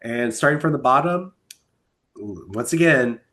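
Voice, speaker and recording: A chatty young man runs a casual recap podcast, candid and loose, full of "um" and "like" as he relays what happened. His voice sits at an ordinary middle pitch for a man. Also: animated, a little slow, fairly bright tone. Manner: chatty, candid, lots of fillers and quoted reactions. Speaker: podcast host.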